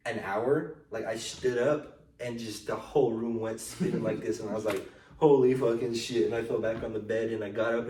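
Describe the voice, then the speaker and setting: A young man hosting a casual podcast chat, telling lively stories that are full of swearing and acted-out voices of other people. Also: lowish voice, far from the mic, slight background noise. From United States. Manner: animated storytelling, swears freely, acts out quoted people. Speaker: podcast host. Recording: echoey room, voice off-mic.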